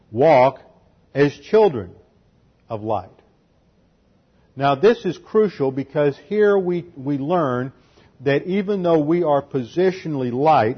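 A man's voice: medium pitch, slightly rough, muffled recording. A man preaching an expository sermon, teaching methodically through numbered points and scripture. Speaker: pastor.

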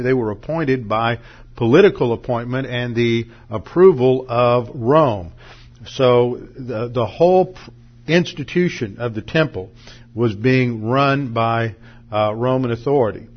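A man's voice: mid-range voice, muffled recording. A man teaching from the Bible, working methodically through Greek verb grammar, with small restarts along the way. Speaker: pastor.

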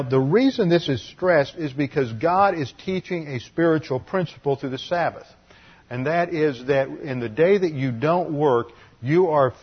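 Husky-voiced man preaching a sermon. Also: medium pitch, muffled recording. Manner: earnest teaching with wry asides. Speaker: pastor. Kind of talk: expository sermon.

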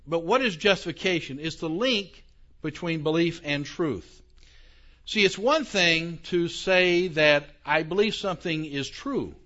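An older man lecturing on theology in a relaxed, conversational way, tossing questions to the room. His voice sits a little high for a man. The recording is dull and lo-fi. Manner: conversational, asks the audience questions, self-deprecating asides. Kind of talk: lecture to a live audience.

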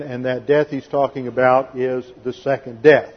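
A man's voice: medium pitch, steady tone, normal speed, few pauses, lo-fi sound. A man preaching a methodical expository sermon, explaining Greek grammar and reading scripture aloud. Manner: methodical, explains Greek grammar, occasional sarcastic voicing of quotes. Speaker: pastor. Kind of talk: expository Bible teaching sermon.

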